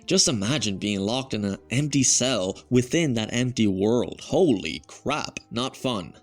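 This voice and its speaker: Guy doing a casual review, chatty and musing, mid-pitched voice, faint music under it. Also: expressive, measured pace. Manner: chatty, musing, with conversational asides. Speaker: video reviewer.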